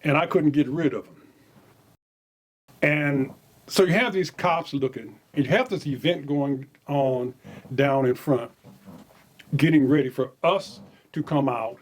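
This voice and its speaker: A man casually telling stories from his own life, animated, chuckling and repeating words as he goes. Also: mid-range voice, a little slow, long pauses. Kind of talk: casual spoken memoir storytelling.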